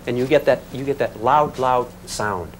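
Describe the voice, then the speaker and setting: A man teaching a physics class in an animated, folksy way, calling students "gang". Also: mid-range voice, moderate pace, a little hiss or hum. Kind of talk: classroom lecture.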